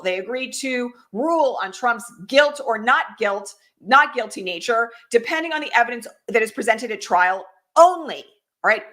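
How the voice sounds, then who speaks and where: Fairly bright in tone and pitched on the high side, a middle-aged woman runs a political livestream. Speaking as commentator and host, she is urgent and direct, throwing rhetorical questions to those watching.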